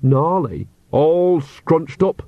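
A man reads as an earnest young witch woman, pitched high above his own voice. She is brisk and reproachful. The storybook reading sounds dry and slightly muffled. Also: sing-song, warm tone, dry recording, heavily acted.

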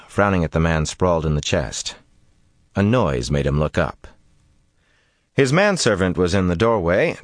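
Deep-voiced man narrating an audiobook. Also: no room sound, studio quality. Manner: steady measured storytelling. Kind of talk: scripted narration.

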